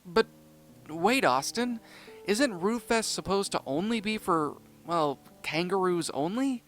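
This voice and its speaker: A man's voice: sits high, lively intonation, takes it slowly, a bit bright, faint music behind, heavily acted. A man voicing a shy young male penguin cartoon character who asks hesitant, stammering questions. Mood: curious.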